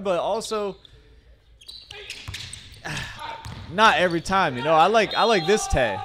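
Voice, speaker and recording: A man giving casual, excited play-by-play commentary on a basketball game, full of slang. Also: fairly high pitch, measured pace, long pauses, slight background noise. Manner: excited, chatty, loose slang.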